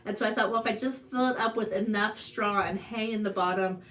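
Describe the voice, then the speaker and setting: A woman with an Ozark American accent hosts a live stream for a farm channel, chatting through a personal story full of fillers and restarts. Her intonation stays fairly even and her delivery is brisk and a bit bright, though her voice climbs high at the emotional moments.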